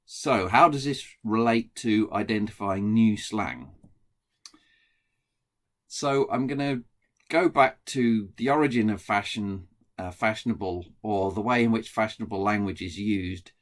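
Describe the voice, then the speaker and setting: This is a plain recorded lecture by a middle-aged English man with a Black Country accent, describing his research. His pitch is fairly low, his delivery a little slow, and he often ums and starts over.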